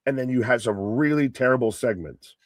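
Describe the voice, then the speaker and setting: A man's voice: mid-range voice, a little fast, no echo. An American man co-hosting a live wrestling reaction stream, talking casually with jokes, loose comparisons and plenty of swearing. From United States. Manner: joking, profane, loose analogies. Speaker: co-host.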